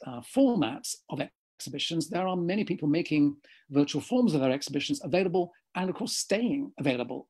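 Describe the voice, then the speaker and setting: A slightly hoarse man giving a discursive lecture over a video call, often correcting himself mid-sentence. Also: fairly high pitch, darkish tone.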